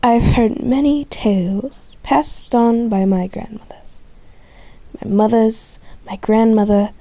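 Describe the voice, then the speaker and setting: A woman voicing a gentle old female grandmother cat who tells tales softly and slowly. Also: on the high side, fairly even intonation, dry recording. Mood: wistful.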